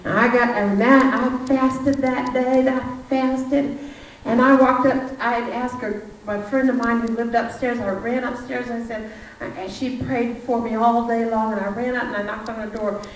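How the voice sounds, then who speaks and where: A woman giving a lively, emphatic sermon testimony, telling a personal story in a church. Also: fairly high pitch, moderate pace, slight background noise. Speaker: speaker. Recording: far-off echoey church hall, muffled.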